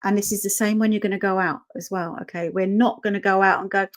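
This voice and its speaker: A woman's voice: mid-range voice, a little fast. A woman teaching an online dog-training workshop, chatty and often checking in with "okay?".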